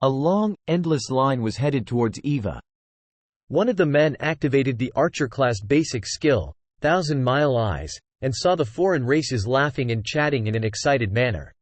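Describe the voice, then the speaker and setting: A computer-generated male voice narrates a fantasy novel as text-to-speech, reading the punctuation marks aloud. It has a medium pitch, an animated delivery, a moderate pace, and no echo.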